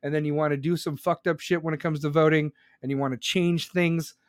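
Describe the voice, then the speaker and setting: Forty-something guy ranting on his stream, swears a ton, high-ish voice, dry close sound. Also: fairly even intonation, a little fast, no room sound. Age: 40s. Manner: profane, mocking, shouts out chat viewers. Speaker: livestream host. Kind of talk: ranting political commentary.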